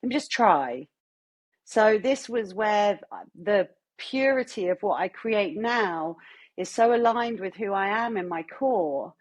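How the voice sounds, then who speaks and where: A woman, telling her own story as an interview guest in an earnest, animated way. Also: medium pitch, slow. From London, England. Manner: earnest, animated storytelling with quoted self-talk. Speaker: guest artist. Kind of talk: candid interview chat.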